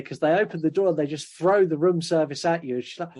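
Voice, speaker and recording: A man's voice: fairly high pitch, fast, hardly any pauses, darkish tone. Man laughingly recapping a film. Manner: recaps the plot, laughing often. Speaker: podcast host. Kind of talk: casual film review chat.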